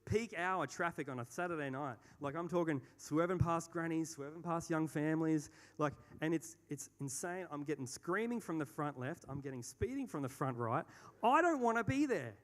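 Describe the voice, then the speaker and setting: A man's voice: fairly high pitch, moderate pace, few pauses. Young Australian man, self-deprecating storyteller on stage, reverberant hall. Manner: rambling and self-deprecating, with many fillers and restarts. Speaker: speaker.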